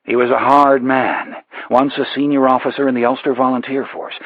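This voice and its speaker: A man narrating a thriller audiobook in a measured, even way. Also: medium pitch, no echo. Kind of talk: scripted narration. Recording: dull lo-fi audiobook recording.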